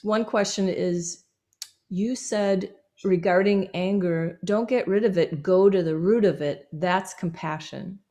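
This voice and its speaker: A woman's voice: medium pitch, measured pace, dark tone. A woman student politely and somewhat hesitantly putting questions to her teacher during a dharma session. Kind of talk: question and answer.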